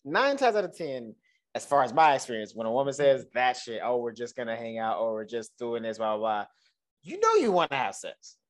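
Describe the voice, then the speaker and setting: A man co-hosting a casual chat about a TV episode, animated, laughing often and swearing freely. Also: medium pitch, fairly quick. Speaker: podcast co-host.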